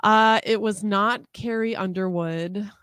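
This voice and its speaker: Deadpan teasing woman on a podcast. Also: mid-range voice, takes it slowly, clear, resonant tone, dry recording, studio quality. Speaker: podcast guest. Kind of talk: casual comedy chat. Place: home studio.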